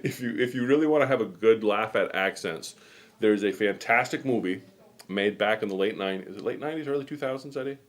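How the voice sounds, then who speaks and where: A low-voiced middle-aged man from New England rambles his way through a casual live show. He chats loosely and keeps drifting off into stories. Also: quick pace. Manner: rambling, chatty storytelling. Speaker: host. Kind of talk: casual chat.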